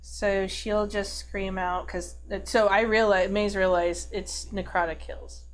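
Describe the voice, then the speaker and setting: A woman's voice: medium pitch, level tone, slow. A woman player in a tabletop game, talking casually with many fillers. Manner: casual, chatty, lots of fillers.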